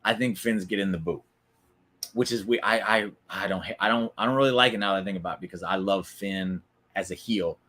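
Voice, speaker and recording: A man's voice: sits low, fairly quick, bright, forceful tone. A man hosting a casual wrestling recap stream, chatty and opinionated, talking back to viewers in the chat. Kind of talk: casual live-stream commentary.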